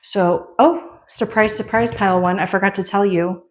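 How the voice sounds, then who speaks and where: A woman's voice: medium pitch, fairly even intonation, normal speed. A woman who is pregnant, a tarot reader chatting casually and rambling through a story with lots of fillers before starting a card reading.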